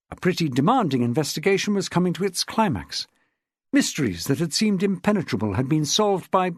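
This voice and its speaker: Man, audiobook narrator, husky, lively pitch, dry studio sound. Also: dry recording. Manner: measured, expressive storytelling. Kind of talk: scripted narration.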